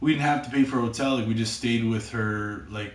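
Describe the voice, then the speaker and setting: A man's voice: mid-range voice, a little fast. A young Canadian man with a Canadian accent, telling profane, rambling stories in casual chat with lots of stammered restarts. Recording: roomy, distant from the mic.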